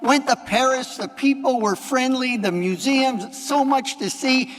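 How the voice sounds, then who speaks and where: A cheerful male traveler gushes about his trip, put on by a priest in a sermon joke. The voice sits high and eager, and a long church echo trails behind each phrase. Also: a little slow, fairly bright tone. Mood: excited.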